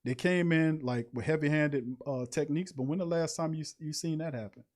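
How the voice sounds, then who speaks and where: A man's voice: fairly quick, a little mellow. Preachy, emphatic male podcast host. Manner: preachy, emphatic, slangy, sudden high-pitched emphasis. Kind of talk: casual livestream monologue.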